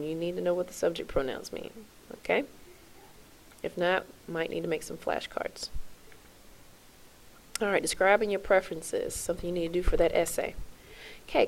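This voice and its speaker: A woman's voice: mid-range voice, vocal fry, a little mellow. A woman teaching a French lesson to her class, spelling out verb endings in a chant and checking in with "okay?" as she goes.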